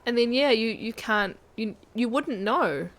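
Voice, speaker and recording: A woman's voice: on the high side, animated, unhurried, fairly bright tone. Chatty woman streaming a game. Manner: chatty, addresses viewers directly. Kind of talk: casual live-stream chat while gaming.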